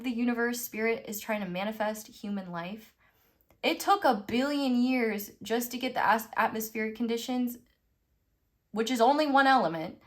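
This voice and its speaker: A young woman from the United States giving a casual, rambling tarot reading, full of fillers and little laughs. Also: on the high side. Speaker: tarot reader.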